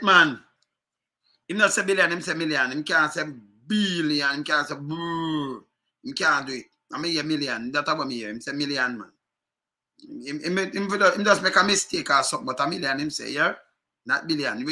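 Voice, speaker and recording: A man with a Jamaican accent talks over video clips in loose patois. His voice is sharp and bright and sits a little high, and he hammers his points again and again. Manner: emphatic, repetitive, patois-heavy. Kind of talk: casual commentary on video clips.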